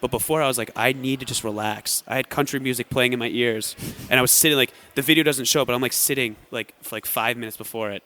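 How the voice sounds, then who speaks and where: Barely pausing, the young American athlete on the podcast rattles off stories in a mid-range voice, speaking fast. He chats casually and brings the quotes to life by acting them out.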